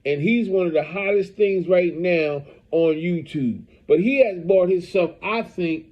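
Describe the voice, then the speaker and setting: Male host, slightly high voice, loose rambling street-news commentary, muffled lo-fi audio. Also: unhurried. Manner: rambling, heavy use of "you know what I mean".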